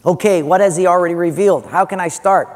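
A man's voice: sits high, fast. A man preaching a sermon as pastor, conversational and joking, putting questions to the congregation. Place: large church sanctuary. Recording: long church hall reverb.

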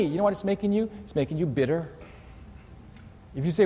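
Male pastor, higher-pitched, animated sermon, large church with long reverb. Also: fairly quick, pauses often, slight background noise. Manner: animated preaching, acting out pleading voices with big pitch leaps.

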